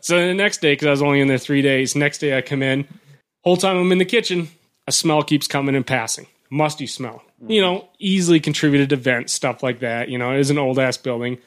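A man telling a profane, animated story on a casual radio show, acting out what people said. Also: mid-range voice. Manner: fast animated storytelling, profane, acts out quotes. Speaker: guest storyteller.

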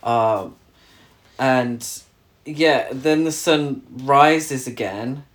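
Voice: medium pitch, very slow. Exasperated sweary podcast co-host. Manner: exasperated, sweary, rambling with restarts. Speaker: podcast co-host reviewing a film. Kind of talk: casual chat.

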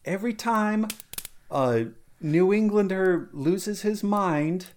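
A man's voice: high voice, lively intonation, takes it slowly, pitched above the performer's own voice. Man doing a sweet little girl. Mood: innocent. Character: sweet little girl, innocent, wide-eyed.

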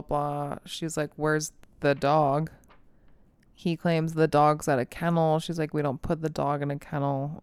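Low-voiced woman telling a movie plot in casual chat, swears a lot, super clean dry sound. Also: smooth, no echo. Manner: animated storytelling, frequent swearing, acts out quotes. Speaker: co-host recapping a movie.

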